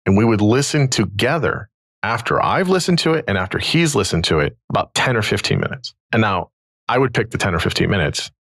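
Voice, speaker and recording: Gravelly, husky-voiced man telling stories. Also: on the low side, brisk, no room sound. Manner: animated, acts out quoted dialogue. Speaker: podcast host and therapist. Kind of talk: conversational storytelling.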